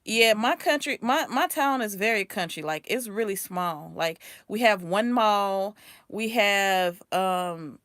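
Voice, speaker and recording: Casual, sweary woman tarot reader, Louisiana accent, mid pitch, dry close sound. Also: lively intonation, slow pace, fairly bright tone, no room sound. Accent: Louisiana, with some New Orleans. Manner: chatty and rambling, blunt with swearing. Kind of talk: casual livestream chat.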